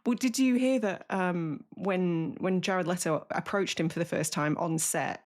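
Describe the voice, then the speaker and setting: Wry low-pitched woman, film chat. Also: measured pace, a little mellow. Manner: wry, laughs often, blunt. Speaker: podcast co-host. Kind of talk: casual film review chat.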